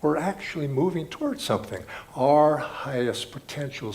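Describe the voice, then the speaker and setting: Lively earnest man giving a spiritual talk. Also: mid-range voice. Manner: earnest, storytelling, reflective. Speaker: spiritual speaker.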